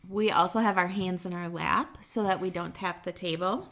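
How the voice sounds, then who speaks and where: A woman's voice: on the low side, steady tone, moderate pace, fairly bright tone. A woman in her thirties co-hosting a podcast, chatting casually at her home kitchen table and telling stories with plenty of fillers. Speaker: podcast co-host. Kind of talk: casual chat.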